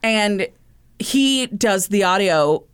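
A woman's voice: medium pitch, expressive, slow, clear, resonant tone. A woman co-hosting a podcast, telling stories in casual chat full of fillers. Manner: chatty storytelling with many fillers. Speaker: podcast co-host.

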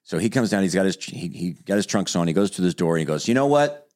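A man's voice: deep voice, fast. A man hosting a podcast, telling a story in casual chat and acting out the quotes with energy. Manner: animated storyteller who acts out quotes. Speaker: podcast host.

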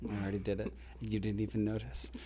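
A man in his thirties co-hosting a podcast, talking casually and playfully, rambling and getting loud and excited when he teases. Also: on the low side, fast talker, breathy edge. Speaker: podcast co-host. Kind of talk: casual chat.

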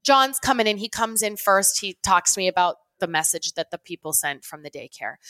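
A woman's voice: mid-range voice, a little fast, few pauses, fairly bright tone, no echo, studio quality. A woman co-hosting a casual podcast, telling stories animatedly and acting out quoted lines with laughs. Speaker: podcast co-host. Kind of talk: casual chat.

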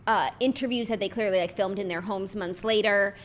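A woman's voice: medium pitch, a little fast. A young adult woman co-hosting a comedy podcast, bubbly and jokey, reading stories and playing along in role-play. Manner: bubbly, jokey, reads news stories aloud. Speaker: podcast co-host.

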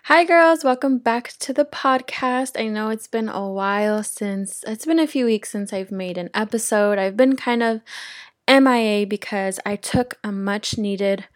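A woman's voice: mid-range voice, measured pace, no room sound, faint music behind. A young adult woman hosting a casual wellness podcast, earnest and effusive, a little out of breath. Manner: earnest, effusive and grateful, repeating words for emphasis. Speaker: podcast host.

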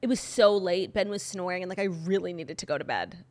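A woman co-hosting a podcast in casual chat, gushing and full of "like" fillers, her voice a little hoarse. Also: lowish voice, brisk, a little mellow. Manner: chatty, gushing, lots of "like" fillers. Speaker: podcast co-host.

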